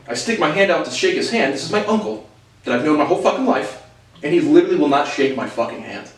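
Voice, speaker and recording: A man's voice: a little high, expressive, fast, slight background noise. Rambling, cursing man in an echoey room. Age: late 20s. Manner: rambling, repetitive, crude and heated. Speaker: vlogger. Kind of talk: casual monologue storytelling. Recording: echoey room, mic at a distance.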